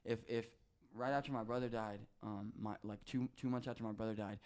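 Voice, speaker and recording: Speaking a little fast in a fairly low, steady, slightly mellow voice, a male podcast guest recounts personal stories. His casual, emotional storytelling is rambling and heartfelt, with lots of swearing and many restarted sentences.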